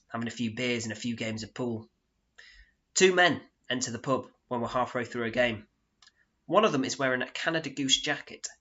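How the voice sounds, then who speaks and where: Brief: dry self-mocking man for a solo stage monologue, bright tone, dull sound. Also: medium pitch. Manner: deadpan, sardonic, self-mocking. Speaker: solo performer narrating in character. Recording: dull lo-fi recording.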